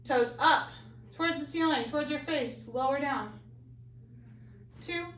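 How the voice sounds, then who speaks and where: Woman, exercise instructor, slow counting, bright voice, echoey room, a bit far from mic. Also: sits high, slight background noise. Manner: counts reps slowly, coaching cues. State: a little out of breath. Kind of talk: live fitness class instruction.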